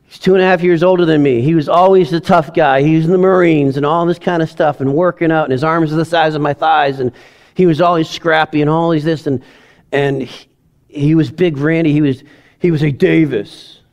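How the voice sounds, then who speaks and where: A man preaches in a church sanctuary, his slightly high voice moving between chatty confession and fervent emphasis. He sounds like a middle-aged pastor, personal and emotional, leaning into repeated lines. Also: steady tone, brisk, dull audio. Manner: conversational, emotional, swings from quiet to loud emphasis. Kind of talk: sermon.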